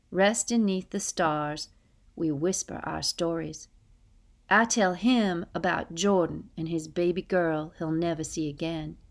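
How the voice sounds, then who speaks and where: Female audiobook narrator, first-person storytelling, steady folksy read, slightly low voice. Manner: steady, unhurried reading with folksy dialect.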